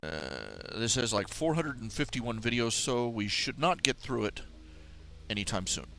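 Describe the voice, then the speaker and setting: A man's voice: mid-range voice, sing-song, unhurried, gravelly, sharp tone. A man hosting a casual live stream by himself, rambling playfully with silly mock grammar and muttering to himself as he fiddles with settings.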